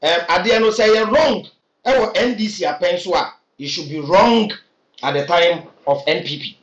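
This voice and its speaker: A man's voice: high-pitched, normal speed, reverberant, muffled recording. A man with a Ghanaian accent giving earnest, urging opinions to camera, with hesitant fillers. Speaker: political commentator. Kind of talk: impassioned opinion vlog.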